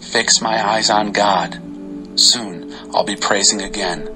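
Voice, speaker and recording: A man giving an expressive, dramatic reading of Bible psalms over faint music. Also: on the low side, takes it slowly, rough recording. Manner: expressive, varied delivery. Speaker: scripture reader.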